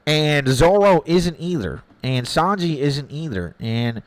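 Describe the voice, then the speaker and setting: An animated man with a higher-pitched voice speaks slowly as he streams a game and responds to viewers in casual chat. Opinionated and free with swear words, he often circles back over the same words while thinking, and the recording is dry and rough.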